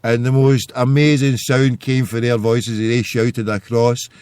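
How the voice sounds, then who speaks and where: A man's voice: medium pitch, level tone, unhurried, darkish tone, clean tone, no room sound. Rambling man, dry sound. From Scotland. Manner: rambling storytelling. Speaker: podcast host. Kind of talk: casual monologue.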